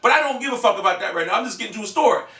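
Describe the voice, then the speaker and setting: Brash, high-voiced man ranting in an echoey room. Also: expressive, racing, recorded from a distance. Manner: brash, profane, rambling, bursts into shouting. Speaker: video game vlogger. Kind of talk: profane game-console rant. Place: back room of his house.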